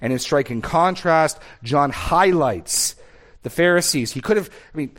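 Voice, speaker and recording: A man's voice: a little high, lively intonation, a little slow, a bit bright. Man preaching an expository sermon. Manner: emphatic, repeats key phrases, rhetorical questions. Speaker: pastor.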